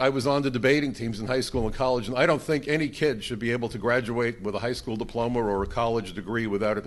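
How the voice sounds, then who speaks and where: An older man speaking to a conference audience, emphatic and fond of rhetorical questions. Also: mid-range voice. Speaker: conference speaker, former immigration agent. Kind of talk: conference speech to a live audience. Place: conference room.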